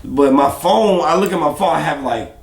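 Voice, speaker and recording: Male rapper guest, slightly high voice, lively laughing storyteller, echoey room. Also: normal speed. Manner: animated, laughing storyteller who acts out other people's lines. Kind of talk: casual storytelling interview.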